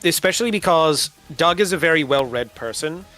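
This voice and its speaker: A man runs a tabletop game and describes characters and scenes. His voice sits a little high for a man, and he fills his pauses with ums and restarts. Faint background music plays under him. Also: animated, sharp tone. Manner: halting, filler-heavy description. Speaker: game master.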